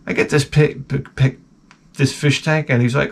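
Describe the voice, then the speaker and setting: A man hosting a comedy podcast, telling crude personal stories. He rambles and swears freely, with a deadpan delivery at a mid pitch. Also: normal speed, gravelly. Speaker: podcast host.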